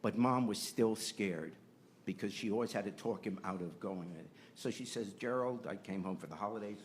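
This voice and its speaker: A man's voice: lowish voice, brisk, slight background noise. An older man, a podcast host, telling a personal family story and growing impassioned as he argues his point. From United States. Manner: earnest, rising to impassioned.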